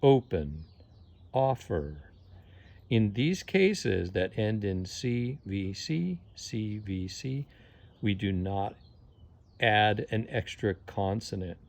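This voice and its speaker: A man's voice: fairly low pitch, animated, slow, gravelly. A man teaching English grammar, patiently spelling words out letter by letter and repeating each rule. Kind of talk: slow spelling-out lesson.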